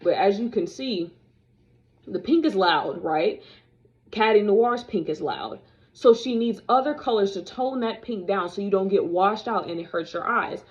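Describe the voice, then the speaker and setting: A woman's voice: medium pitch, highs cut off. Sassy young woman ranting to camera. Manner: animated, sassy, talks straight to viewers. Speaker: vlogger reviewing dolls. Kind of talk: casual opinionated chat to camera.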